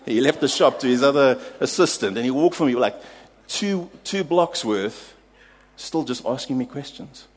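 A South African man delivers a sermon, drawing his listeners in with animated personal stories. His voice has a husky, slightly breathy grain. He laughs easily at his own anecdotes before moving into the teaching. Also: mid-range voice, moderate pace. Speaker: pastor.

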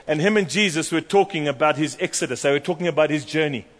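A man preaching a sermon, animated and storytelling, acting out the voices of the people in his stories. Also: a little high, fast talker. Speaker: pastor. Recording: long hall reverb.

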